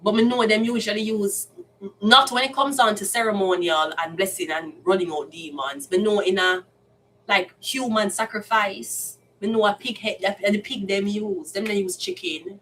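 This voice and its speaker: A tarot reader speaking with a Jamaican accent goes on a profane, blunt, heated rant in a casual monologue. Her voice is medium-pitched, a bit bright, at a normal pace, and the far-off mic picks up faint background noise.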